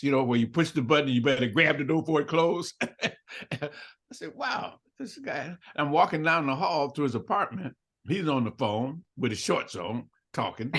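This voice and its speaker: A man's voice: on the high side, fairly bright tone. An older man telling a story in an interview, acting out both sides of the dialogue and laughing often. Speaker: interview guest.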